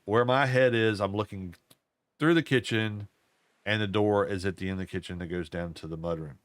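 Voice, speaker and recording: Playing a game at home, an older man with a fairly low pitch speaks briskly in a clean tone with no echo. He runs a gaming channel and rambles through a folksy story, going over the same points more than once.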